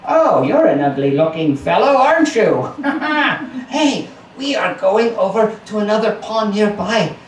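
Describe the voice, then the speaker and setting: Guy doing cocky young drakes, high and loud, sneery and jolly, echoey room. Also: big pitch swings, unhurried, slight background noise. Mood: mocking. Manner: sneering, jovial. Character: mocking young male drakes. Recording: roomy live recording from a distance.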